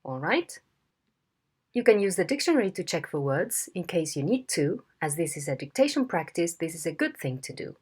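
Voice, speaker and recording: A woman teaching a phonetics lesson in a slow, deliberate way, demonstrating tones. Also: fairly low pitch, big pitch swings, a little mellow, husky. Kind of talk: video lesson instruction.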